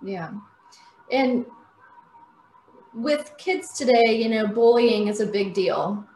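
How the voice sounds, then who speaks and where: Woman, radio interview host, gentle and affirming, echoey room. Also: a little high, lively intonation, slow pace, slight background noise. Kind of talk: interview questions. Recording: roomy echo.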